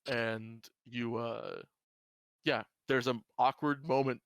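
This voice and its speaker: A man's voice: medium pitch, steady tone, takes it slowly, dry recording. A man narrating a tabletop role-playing game as game master, rambling with lots of fillers.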